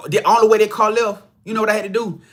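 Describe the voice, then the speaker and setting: A man's voice: high-pitched, fairly even intonation, fast talker. A man hosting a spiritual reading channel, telling a story to his viewers in a casual, emphatic, heavily profane way, often repeating himself. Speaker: spiritual reader, channel host.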